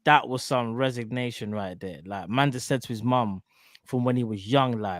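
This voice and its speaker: A man's voice: mid-range voice, moderate pace, dry recording, studio quality. A man co-hosting a fan talk show, bantering in an emphatic, slang-heavy way. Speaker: co-host. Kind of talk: casual chat.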